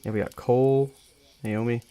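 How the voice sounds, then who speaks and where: A man's voice: mid-range voice, fairly even intonation, moderate pace, mellow, clear, resonant tone. A young man with a dry throat reading a story aloud on a live stream, chatty and joking between passages. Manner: casual, joking, chatty asides.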